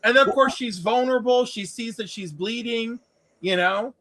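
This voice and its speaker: A man co-hosting a casual movie review chat, relaxed and swearing casually. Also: very high-pitched, normal speed. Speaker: podcast co-host.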